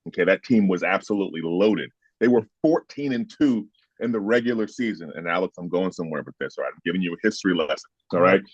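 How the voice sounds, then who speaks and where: His voice is low, expressive, and slightly rough as he speaks fast: an American former football player in his fifties, animatedly recounting interview stories with heat, emphasis, and occasional swearing. The recording has no room sound and feels dry and a bit dull.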